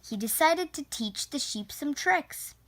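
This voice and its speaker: A woman reading a children's picture book aloud, slow, clear and expressive. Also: sits high. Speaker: storyteller.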